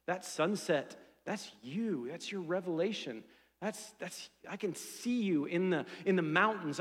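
High-voiced pastor preaching in a hall. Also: male voice. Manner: swings from loud emphatic to soft hushed. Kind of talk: sermon. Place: church sanctuary.

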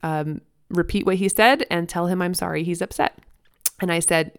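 Earnest woman podcast host, smooth voice. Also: on the low side, normal speed, no echo, clean studio sound. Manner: earnest, often laughs softly. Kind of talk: parenting podcast, reading her blog post aloud.

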